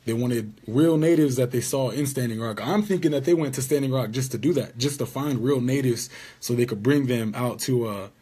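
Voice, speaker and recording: Male vlogger, husky voice, casual rambling storytelling with an aggrieved edge. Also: mid-range voice, fairly quick, few pauses, warm tone. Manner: indignant, rambling recounting.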